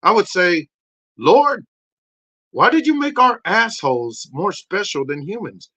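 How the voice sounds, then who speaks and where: A cocky, foul-mouthed male dog, put on by a man for a comedy podcast bit. The voice is high and sharp, swinging wildly up and down as he rants and shouts. It sounds brash and crude throughout. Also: very animated, unhurried, exaggerated voice. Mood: wondering.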